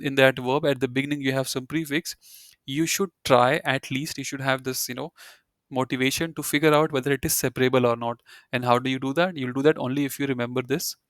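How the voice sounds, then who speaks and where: A man's voice: medium pitch, steady tone, a little fast, fairly bright tone, no echo, clean studio sound. A man teaching a German grammar lecture in a conversational way, with many fillers and restarts, reading out example sentences. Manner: conversational, frequent "you know" fillers and restarts.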